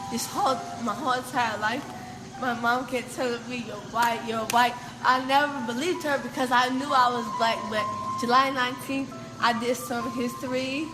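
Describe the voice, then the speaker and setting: A woman giving an earnest, matter-of-fact comedic confessional monologue. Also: fairly high pitch. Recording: echoey room, loud music behind.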